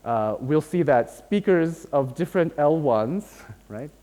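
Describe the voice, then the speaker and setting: A man's voice: on the high side, lively intonation, takes it slowly, dark tone. Lecturing man in a reverberant hall. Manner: explanatory, checks in with "right?" often. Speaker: university lecturer. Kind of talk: academic lecture.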